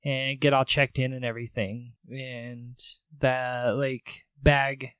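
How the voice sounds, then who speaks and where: A man's voice: medium pitch, little pitch movement, takes it slowly, a bit bright, clean tone, no room sound. Casual man recapping a movie, dry. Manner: loose, profane retelling of scenes. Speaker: podcast co-host.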